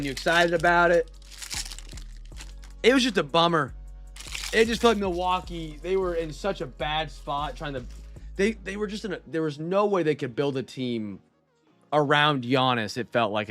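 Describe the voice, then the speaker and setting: A man hosting a live card break, chatting loosely with viewers and rambling as he reads out player names. His voice sits a little above the usual male pitch, and faint music plays behind him. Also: moderate pace, fairly bright tone.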